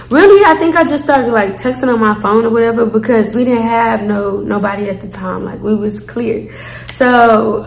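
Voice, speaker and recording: A woman tells a storytime to her viewers in a chatty, slangy way, full of fillers and asides. Her voice sits a little high. The room has a noticeable echo. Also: vocal fry. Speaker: storyteller, channel host. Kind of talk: casual storytime vlog.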